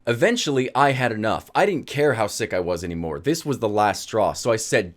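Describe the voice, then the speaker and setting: A man telling a personal story in a casual vlog, animated and laughing often. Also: fairly low pitch, brisk, hardly any pauses.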